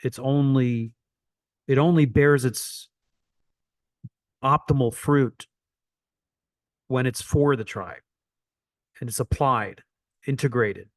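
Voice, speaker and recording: A man's voice: mid-range voice, takes it slowly, long pauses, no echo, clean studio sound. A man coaching an online teaching session, repeating phrases for emphasis as he explains.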